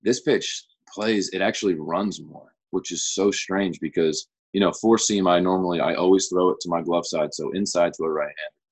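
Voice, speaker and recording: A man's voice: low-pitched, fairly even intonation, normal speed, slightly rough, poor audio. A young man, a guest on an interview show, chatting casually and explaining things in an easygoing, rambling way. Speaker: guest pitcher.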